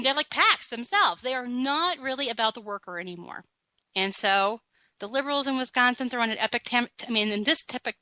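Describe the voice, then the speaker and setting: Woman talk host, sarcastic and blunt, bright tone, close dry mic. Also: a little high, dry recording, rough recording. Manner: sarcastic, blunt, laughing at her own list. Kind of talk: opinionated political commentary.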